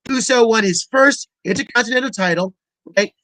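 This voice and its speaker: A man in his thirties co-hosting a comedy chat show, rambling on in a flat, uninflected way. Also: very high voice, fairly quick, no room sound, low-quality recording. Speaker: co-host.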